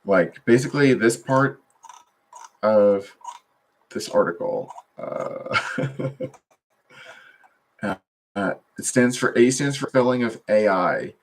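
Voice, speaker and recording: Low-voiced man rambling at his computer. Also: slow pace, pauses often, slight background noise. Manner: meandering, full of fillers and trailing thoughts. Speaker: vlogger. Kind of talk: rambling solo livestream talk.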